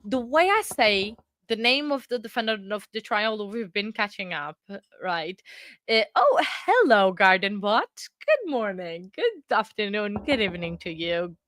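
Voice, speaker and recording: A woman's voice: medium pitch, very animated, a little slow, a bit bright, dry recording. Young woman, Portuguese accent, bubbly livestream host with a dry, close sound. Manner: chatty and bubbly, thanking chat often. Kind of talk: casual livestream chat with viewers.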